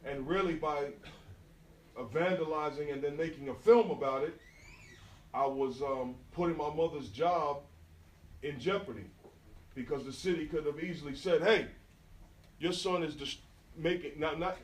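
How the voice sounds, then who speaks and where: A middle-aged man tells his stories in a lively, slangy style and talks straight to the crowd. His voice sits a little high for a man. He was caught on a smartphone from out in the audience, so it sounds distant and echoey in the room. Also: normal speed, long pauses. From New York. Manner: animated storyteller, slangy, addresses the crowd directly. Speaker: graffiti artist giving a live talk. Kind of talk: storytelling talk to a live audience. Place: event venue, indoors. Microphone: smartphone recording from the audience. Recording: roomy smartphone recording from far off.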